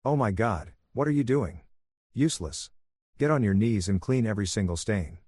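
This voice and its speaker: A man voicing a spiteful, bossy young daughter-in-law in a storybook narration, scornful and shrill. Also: lively intonation, normal speed, darkish tone, husky, dry recording, clean studio sound.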